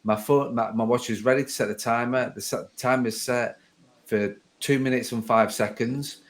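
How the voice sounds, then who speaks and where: A man's voice: mid-range voice, fairly even intonation, normal speed. A man hosting a podcast, chatting casually in a rambling, conversational way and often correcting himself mid-sentence. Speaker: podcast host.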